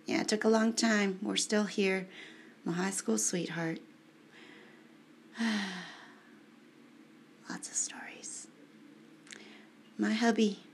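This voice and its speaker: A woman's voice: medium pitch, fairly even intonation, drawn-out words, creaky, pauses often, a little hiss or hum. A woman casually reading aloud at home and adding her own rambling, heartfelt, emotional commentary. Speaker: reader giving commentary.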